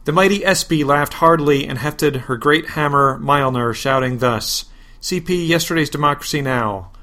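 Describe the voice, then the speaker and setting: A man hosting a podcast, reading a parody superhero story in a deadpan way, flatly spelling out web addresses and asides. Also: on the high side, normal speed. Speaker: podcast host.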